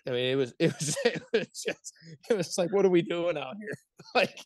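Hockey guy in his 30s telling stories on a podcast, bit high voice, laughs a lot, swears, dry close sound. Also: normal speed, no room sound. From Pittsburgh area, United States. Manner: animated, laughs often, swears freely. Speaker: guest, pro hockey player. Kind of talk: casual podcast storytelling.

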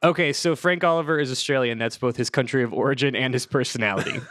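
A playful man co-hosting a comedic podcast and laughing easily between points. His voice sits at an everyday middle pitch. The recording is dry and close, with no room echo. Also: fast, fairly bright tone. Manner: playful, laughs often, reads from notes. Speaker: podcast co-host. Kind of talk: casual comedic chat.

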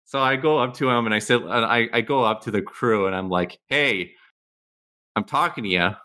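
Brash, bright-voiced man at a game table. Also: medium pitch, normal speed. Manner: brash, joking. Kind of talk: casual game chat.

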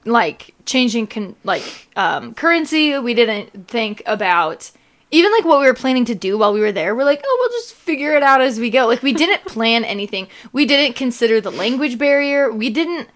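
A woman's voice: fairly high pitch, expressive, moderate pace, fairly bright tone. A young woman co-hosting a podcast, chatting casually with lots of fillers and laughter. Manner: giggly, rambling with fillers. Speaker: podcast co-host. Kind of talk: casual chat.

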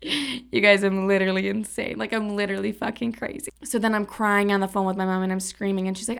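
A young woman in her twenties talks through a wild personal story, blunt and profane. Her voice has a gravelly, fry-heavy edge, and she sits at a middle pitch. She jumps into acting out quotes with lots of drama. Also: fairly even intonation, fairly quick. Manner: candid, profane, dramatic retelling with acted-out quotes. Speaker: podcast host. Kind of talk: casual storytelling monologue.

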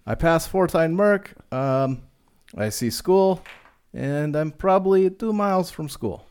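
A man's voice: fairly high pitch, animated, a little mellow, smooth, pitched above the performer's own voice. A man putting on a befuddled coworker in broken English. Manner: halting, hesitant, with long humming pauses. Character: confused adult male coworker speaking halting broken English.

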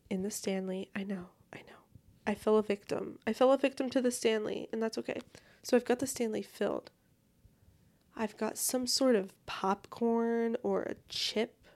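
A woman's voice: medium pitch, darkish tone. A young woman hosting a solo podcast, chatting in a bubbly, rambling and casual way while lying in bed at home. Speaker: podcast host.

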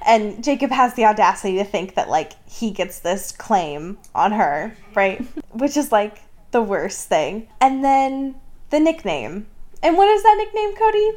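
A woman co-hosting a casual chat, recapping scenes with lots of laughter and quick mock character voices. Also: mid-range voice, lively intonation, darkish tone. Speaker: podcast co-host. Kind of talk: casual book discussion chat.

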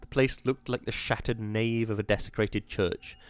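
A man reading an audiobook in a measured, atmospheric storytelling manner. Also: lowish voice, steady tone, dry recording. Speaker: narrator. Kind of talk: audiobook narration.

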